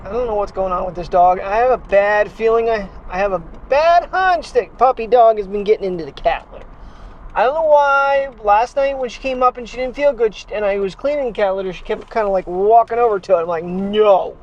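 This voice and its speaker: A man's voice: high-pitched, fast talker, hardly any pauses, darkish tone, muffled recording, a little hiss or hum. A man talking casually to his camera at home about his sick dog, rambling and worried, filmed on a handheld gimbal with a wireless mic. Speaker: daily vlogger. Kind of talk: casual vlog talk to camera. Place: home and backyard at night.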